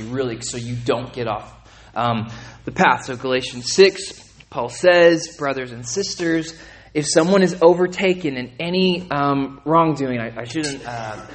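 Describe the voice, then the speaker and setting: A man preaching a sermon in a conversational way, often asking "okay?" and "right?", repeating and restarting words, and rising in pitch and volume when he gets emphatic. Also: moderate pace. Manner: conversational, asks listeners to check in with "okay?" and "right?". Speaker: pastor.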